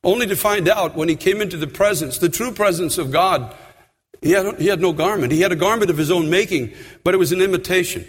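Very high-voiced man preaching in a hall. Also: fast talker, slightly rough. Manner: impassioned, repeats questions, builds to shouts. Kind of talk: sermon. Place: church. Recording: long reverb of a large hall.

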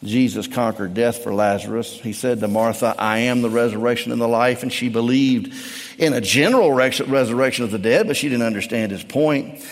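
A male pastor preaching a sermon, swinging from quiet, low reflection up to shouted climaxes. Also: normal speed, long reverb tail. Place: church sanctuary.

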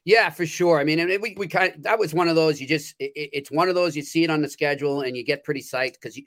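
A man's voice: fairly high pitch, fast, fairly bright tone. A man co-hosting a sports betting podcast in casual chat, often stumbling and repeating words as he starts a thought, with a North American accent. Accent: North American English. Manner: hesitant, repeats words when starting sentences. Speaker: podcast co-host.

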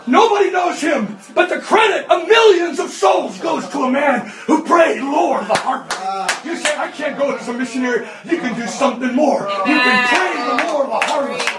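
A man in his fifties preaching a sermon, impassioned and often shouting. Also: very high voice, normal speed, hardly any pauses, music in the background. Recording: echoey hall, distant mic.

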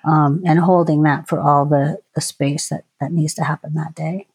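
A middle-aged woman with a somewhat low voice talks as a podcast guest. She reflects slowly, stopping and restarting her sentences and filling the gaps with soft ums. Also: flat delivery, husky. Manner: hesitant, many restarts and ums. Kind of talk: casual reflective conversation.

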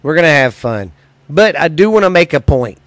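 A man hosting a podcast, ranting in a profane, agitated way that swings between loud and quiet. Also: on the high side, sing-song, moderate pace, no room sound. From United States. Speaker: podcast host. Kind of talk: angry solo podcast rant.

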